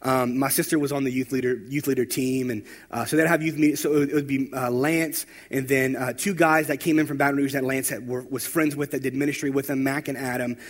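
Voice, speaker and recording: A man preaching a sermon, telling stories and building to loud, emphatic exhortation. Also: mid-range voice, fairly even intonation, quick pace, few pauses. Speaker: pastor.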